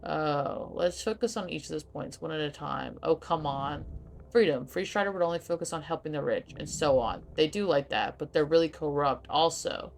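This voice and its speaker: A woman's voice: deep voice, moderate pace, vocal fry, slight background noise. A woman streaming a role-playing game, reading its dialogue aloud and reacting casually with swearing and laughter. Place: home streaming setup.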